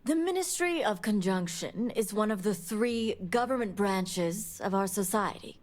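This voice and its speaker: A woman's voice: mid-range voice, expressive, darkish tone, close to an everyday voice. A woman playing a secretive noble elder. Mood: stern. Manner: measured, formal, secretive. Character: female noble elder, guarded spymaster. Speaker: game character.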